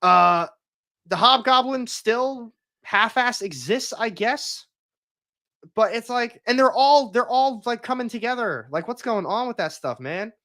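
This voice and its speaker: A man's voice: extremely high pitch, expressive, measured pace, pushed and bright. A young man hosting a casual comics livestream, talking in a rambling, opinionated way with frequent restarts.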